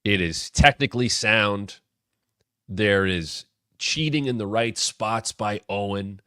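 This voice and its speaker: A man in his thirties with a bright, forceful voice, recapping old wrestling storylines with real enthusiasm. He talks casually and breaks into sudden energetic bursts. The sound is close and dry, with no room in it. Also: lowish voice, slow, smooth, no echo. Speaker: wrestling show host. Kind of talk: casual retrospective commentary.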